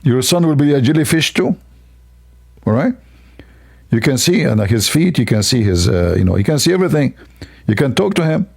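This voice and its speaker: A man's voice: medium pitch, very animated, moderate pace, gravelly, long pauses, darkish tone, husky. A man hosting a livestream, talking in a sarcastic, rambling, mock-admiring way. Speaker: livestream host. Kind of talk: mocking livestream commentary.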